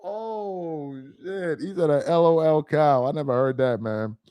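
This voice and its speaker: A man's voice: a little high, unhurried, warm tone, no room sound, studio quality. A young man hosting a casual livestream, reading chat aloud with slangy, incredulous banter and frequent laughter.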